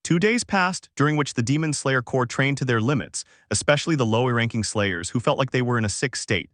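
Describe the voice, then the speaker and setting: A man narrating fan fiction in scripted narration with a flat, even reading voice on a close, dry mic. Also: medium pitch, a little fast, dry recording. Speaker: fanfic narrator.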